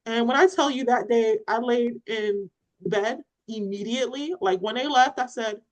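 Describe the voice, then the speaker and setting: A woman's voice: on the high side, moderate pace, poor audio. A woman co-hosting a parenting podcast, telling a story in casual chat and acting out what people said, with laughter. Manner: animated, retells scenes with acted-out quotes and laughter.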